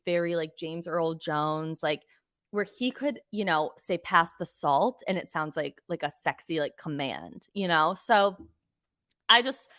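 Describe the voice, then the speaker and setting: Low-voiced woman ranting about reality TV. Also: fairly bright tone, no echo, clean studio sound. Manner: chatty, exasperated, swears freely. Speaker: podcast host. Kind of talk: casual reality TV recap.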